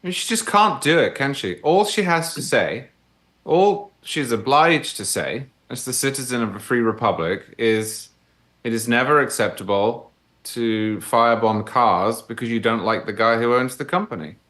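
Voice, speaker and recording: A man's voice: medium pitch, moderate pace, a bit bright. A man commenting as a guest on a political talk show, emphatic and articulate.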